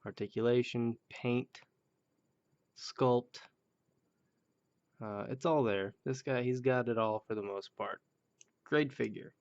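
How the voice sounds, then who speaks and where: A man casually rambling through a home video review of action figures, joking at his own expense and muttering quick asides. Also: medium pitch, fairly even intonation, a little mellow. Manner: loose, joking and self-deprecating, with muttered asides. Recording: dull lo-fi home video sound.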